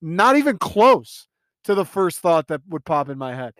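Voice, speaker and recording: A man's voice: a little high, big pitch swings, normal speed, a bit bright, no echo. Incredulous profane young man ranting. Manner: profane, incredulous, rambling, laughs often. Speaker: podcast host. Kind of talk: casual solo podcast rant.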